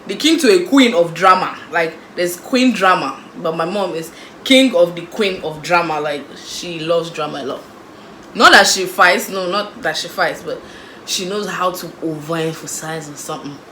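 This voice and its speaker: A young Nigerian woman in a casual storytime vlog, lively and acting out the people in her story. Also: lowish voice, normal speed, reverberant, slight background noise, poor audio. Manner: animated, acts out voices of the people in her story. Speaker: vlogger.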